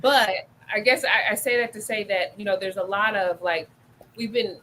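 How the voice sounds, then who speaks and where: A woman's voice: mid-range voice, moderate pace, slight background noise, rough recording. A middle-aged woman co-hosting a casual talk show, telling stories and acting out what people said. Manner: animated storyteller, acts out quoted voices. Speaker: podcast co-host. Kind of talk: casual discussion.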